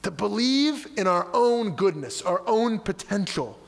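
A man's voice: high-pitched, sing-song, a little slow, gravelly. A man delivering a sermon as a rabbi, impassioned and rising and falling with emphasis. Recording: long hall reverb.

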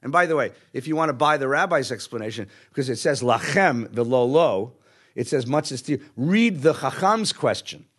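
A middle-aged man, a rabbi, delivers a storytelling sermon in a mid-range voice with a breathy edge, moving at a moderate pace. He's an animated storyteller who acts out the voices of the people in his stories.

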